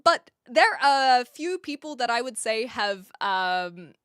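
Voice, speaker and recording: A woman with a New Zealand accent talks to her live-stream chat in a fairly high, very animated voice that swoops up and down. She laughs often as she reacts to messages. The sound is close and dry, with no room echo. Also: slow, clean tone. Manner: chatty, laughs often, reads and answers chat.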